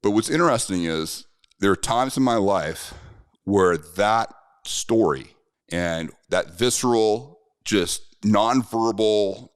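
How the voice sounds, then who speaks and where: A man's voice: lowish voice, dry recording, studio quality. A middle-aged man and self-defense instructor telling a personal story in a conversational, earnest way.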